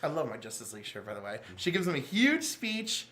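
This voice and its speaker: A man with a notably high speaking voice co-hosts a laid-back chat. He gushes and jumps around in pitch as he recaps plots. His energy swings between hushed and loud. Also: brisk. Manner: animated and gushing. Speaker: podcast co-host. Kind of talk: casual chat.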